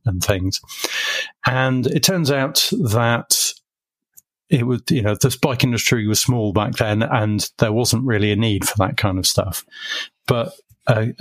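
A man's voice: lowish voice, no echo. A man, a guest on a podcast, telling rambling, wry anecdotes in casual conversation. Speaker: guest, magazine editor.

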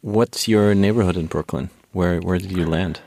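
A man's voice: low voice, normal speed, creaky, a little mellow, no echo. A man hosting an interview, asking curious follow-up questions.

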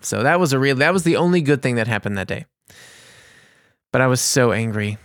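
A man telling a casual anecdote in an animated, exasperated way, with vivid asides. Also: medium pitch, fairly quick, pauses often, clear, resonant tone, dry recording, clean studio sound. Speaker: storyteller.

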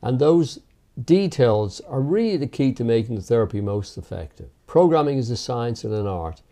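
A man who teaches hypnotherapy, explaining its methods in a measured, emphatic interview. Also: mid-range voice, very animated, mellow.

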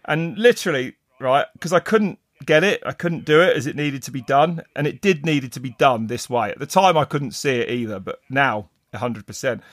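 A man's voice: mid-range voice, moderate pace, hardly any pauses, dry recording, studio quality. Rambling man telling stories. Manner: rambling, animated, swears, many restarts and fillers. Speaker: mountain bike race commentator. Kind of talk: casual podcast storytelling.

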